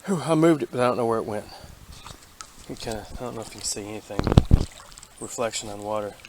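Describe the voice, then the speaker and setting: A man giving folksy, excitable commentary to a handheld camera as he metal detects in a creek, a bit out of breath. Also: on the low side, fast. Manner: excitable, folksy, talks to camera while working. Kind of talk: casual running commentary while detecting. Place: outdoors in a creek. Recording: outdoor camera audio with clear background noise.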